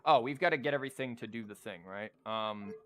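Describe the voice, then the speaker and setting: A man's voice: fairly low pitch, brisk, a bit bright, a little hiss or hum. A male streamer chatting casually on a livestream, rambling and stammering as he plays a card game and talks to chat.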